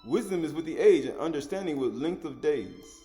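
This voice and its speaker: A man preaches an animated teaching sermon, restating and repeating his points and chuckling along the way. His pitch is fairly high and his pace fairly quick, with faint music playing behind him.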